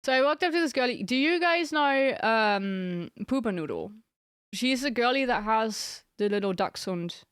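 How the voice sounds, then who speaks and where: A woman's voice: a little high, animated, unhurried, clear, resonant tone, dry recording. Giggly young woman streamer, dry sound. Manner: giggly, rambling storytelling. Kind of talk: casual chat with stream viewers.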